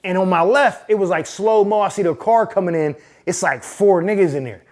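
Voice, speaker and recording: A man hosting his own channel, telling a personal story in a casual, profane, animated way. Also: high-pitched, brisk, a little hiss or hum. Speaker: host. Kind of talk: storytelling monologue.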